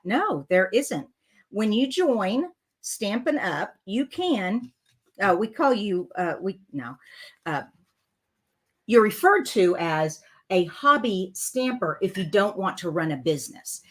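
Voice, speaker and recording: A woman's voice: a little high, big pitch swings, unhurried. A woman, chatting casually as she demonstrates a card-making project live, talking through her slips with good humor. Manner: chatty and self-deprecating, talking through mistakes. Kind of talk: live crafting tutorial chat.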